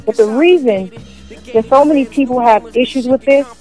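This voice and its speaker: Profane, fired-up woman with a high voice. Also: moderate pace, dark tone, soft background music, low-quality recording. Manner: profane, emphatic, repeats questions. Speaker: commentator. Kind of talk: angry opinion rant.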